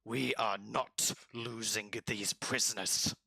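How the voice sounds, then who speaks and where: A man's voice: fairly low pitch, steady tone, slow, creaky, bright, forceful tone, no echo, full character voice. Male DM as hot-tempered lizard commander: bossy, growling, dry close sound. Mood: grumbling.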